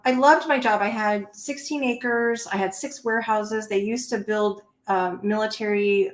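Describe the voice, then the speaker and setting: A middle-aged woman, a Navy veteran, telling stories in an interview in an animated way and laughing between them. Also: fairly high pitch. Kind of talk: conversational interview storytelling. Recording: roomy echo.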